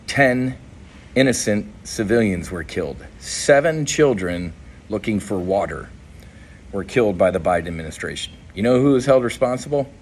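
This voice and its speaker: A man's voice: fairly low pitch, lively intonation, moderate pace, a little mellow, slight background noise. A middle-aged man giving an impassioned, profane political monologue as a podcast host, blunt and frustrated, often restarting his sentences. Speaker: podcast host and veteran advocate.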